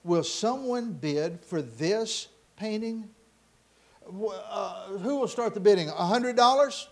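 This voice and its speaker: A man's voice: high-pitched, animated, slow pace, gravelly, exaggerated voice. A man doing an insistent auctioneer calling bids.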